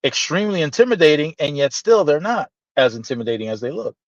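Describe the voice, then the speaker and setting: Guy telling a wild story on a podcast, cussing, doing the voices, kinda high voice, dry muffled sound. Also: fast talker, dry recording. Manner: animated, profane storytelling with acted-out dialogue. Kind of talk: casual storytelling chat. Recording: dull, slightly lo-fi dry sound.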